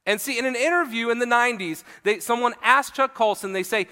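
A man's voice: very high-pitched, animated, fairly quick, few pauses, sharp tone, in a large hall. A man preaching a sermon as pastor, reading scripture aloud and explaining it in an earnest manner with occasional fillers. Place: church hall.

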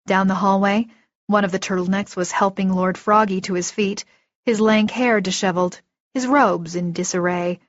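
Woman reading an audiobook first person, steady vivid telling, dry close sound, bit muffled. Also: medium pitch, normal speed, no echo. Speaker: audiobook narrator. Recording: dull lo-fi recording, dry.

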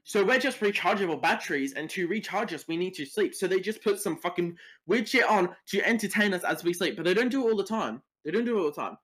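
A teenage boy hosting a solo podcast, ranting with lots of swearing and quick tangents. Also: high voice, expressive, a bit bright. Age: teens. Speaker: podcast host.

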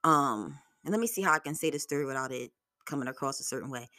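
A young adult woman hosting her solo podcast, talking bluntly and with plenty of profanity, telling stories in an animated way. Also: extremely low pitch, fast, dry recording, studio quality. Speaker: podcast host.

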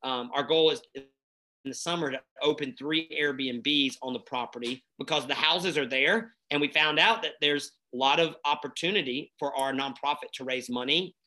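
A man, telling stories in a casual, energetic conversation as a guest, with many fillers. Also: medium pitch, moderate pace. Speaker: nonprofit founder and guest.

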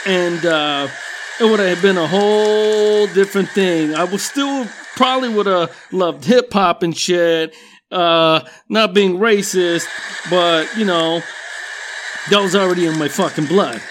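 A middle-aged man tells stories in a slow, unhurried way, peppering them with curses and laughter. His voice sits a bit high for a man, and he rambles with plenty of filler. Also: background noise. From Mexican-American. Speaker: storyteller. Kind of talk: casual profane storytelling.

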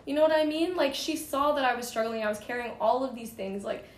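A young woman casually telling a story, animated and full of fillers, acting out quoted dialogue. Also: a little high, fast. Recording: roomy echo with faint background noise.

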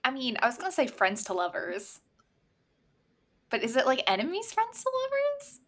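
A woman's voice: sits high, wildly swooping pitch, normal speed. A woman co-hosting a podcast, chatting casually and hedging with lots of "like" and "um.". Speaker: podcast co-host. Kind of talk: casual book chat.

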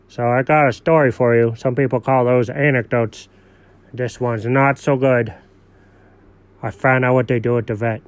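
A man's voice: clear, resonant tone, no room sound, close to an everyday voice. A man doing a dopey goofy dog. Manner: low, slow, dopey storytelling. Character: goofy big-hearted male dog, dim and cheerful. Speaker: podcast host figure.

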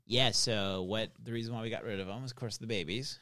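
A man telling a long story in casual, animated chat, swearing now and then. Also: on the low side, quick pace, dry recording, clean studio sound.

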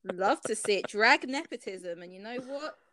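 A woman's voice: mid-range voice, lively intonation, normal speed, crowd noise. A woman co-hosting a casual podcast, playful and gushing, laughing often. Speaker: podcast co-host. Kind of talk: casual chat.

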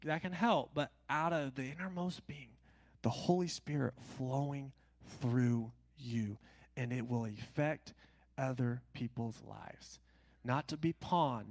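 A man's voice: on the high side, no room sound. Fervent male preacher, dry close sound. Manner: emphatic, repeating phrases with sudden loud and soft swings. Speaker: pastor. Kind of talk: sermon.

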